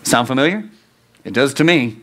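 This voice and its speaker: A man's voice: medium pitch, lively intonation, normal speed, fairly bright tone. A man preaching a youth sermon, earnest and conversational, asking the listeners rhetorical questions. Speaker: youth pastor.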